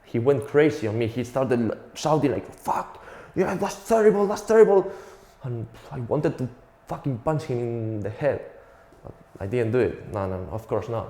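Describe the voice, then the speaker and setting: A man's voice: mid-range voice, normal speed, dark tone, reverberant. A young man from Spain with a Spanish accent, telling a profane, self-mocking stand-up comedy routine.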